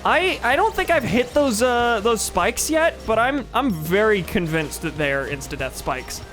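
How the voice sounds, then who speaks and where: Excitable streamer with a lively voice. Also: medium pitch, normal speed, faint music behind. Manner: excitable, swears and laughs at the game. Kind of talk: live game commentary.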